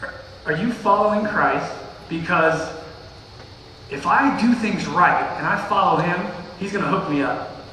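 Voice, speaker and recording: A man preaching a casual sermon as pastor, retelling a passage in slangy, animated everyday talk. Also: high voice, unhurried, pauses often, slight background noise. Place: church sanctuary. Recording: echoey hall, distant mic.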